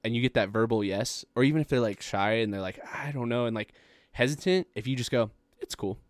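A man's voice: mid-range voice, fairly quick, dry recording. A young man hosting a casual podcast, rambling with lots of filler words and swearing. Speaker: podcast host.

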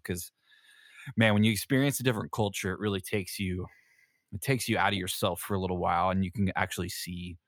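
A man's voice: deep voice, dry recording, clean studio sound. A man, a Navy veteran hosting a podcast, telling a story casually with lots of fillers, swearing and laughter. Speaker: podcast host.

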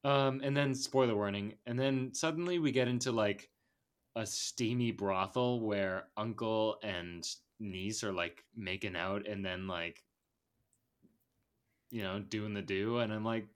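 A young man with a low-pitched voice co-hosts a casual podcast chat. He talks loosely and jokingly, teasing his friends. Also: measured pace, clear, resonant tone. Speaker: podcast co-host.

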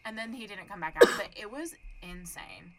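In loose, foul-mouthed banter, a young woman podcast co-host recounts a story and performs the characters' voices with lots of energy. She speaks at normal speed in a medium-pitched, gravelly voice, over crowd noise in a rough recording.

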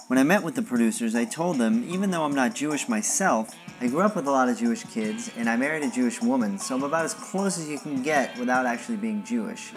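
A film director speaking quickly and plainly in a behind-the-scenes interview clip. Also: male voice, medium pitch, expressive, faint music behind.

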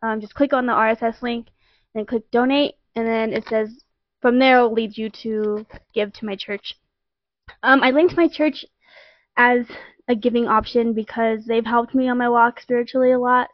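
A woman's voice: on the high side, fairly even intonation, normal speed, no room sound. Chatty young woman hosting a podcast. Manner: chatty, giggly, many fillers like "um" and "like". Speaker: podcast host. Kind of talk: casual chat. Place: home basement, on a couch. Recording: dull, lo-fi, dry sound.

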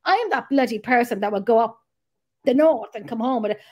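A woman's voice: a little high, fairly quick, darkish tone. A woman with a southern Irish accent, chatting casually as a podcast co-host, laughing often and swearing lightly. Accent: Irish, from the south (Drogheda area). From Ireland. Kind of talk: casual chat.

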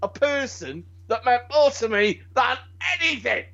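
A British man in casual chat, rambling and animated, swearing freely and restarting his sentences. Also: very high-pitched, measured pace, vocal fry. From Britain. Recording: dull lo-fi sound.

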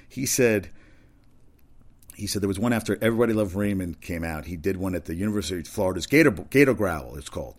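Speaking quickly with a low pitch and lively intonation, a man hosts a casual talk segment. He wanders from sports news to comedy anecdotes, conversational and prone to restarts and side remarks.

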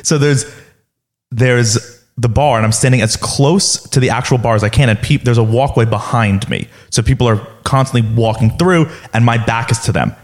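A young man co-hosting a podcast, telling a story in an animated, halting way full of restarts. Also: mid-range voice. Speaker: podcast co-host. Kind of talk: casual storytelling chat.

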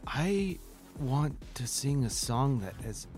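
Lively male tabletop player. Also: medium pitch, slow pace, soft background music. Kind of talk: in-character tabletop play.

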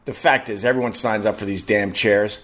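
A man voicing a male resort worker who quietly passes on an insider tip in a lowered, hushed voice. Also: steady tone, moderate pace, close to an everyday voice. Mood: confiding. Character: male resort worker, low confiding tipster.

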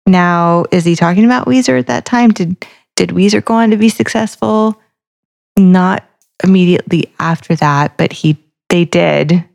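A woman with a fairly low voice chatting casually on a podcast. She works through lyrics piece by piece and thinks out loud, with loose restarts along the way. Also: moderate pace, creaky. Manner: talks through song lyrics line by line, thinking aloud. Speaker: podcast co-host. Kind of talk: casual chat.

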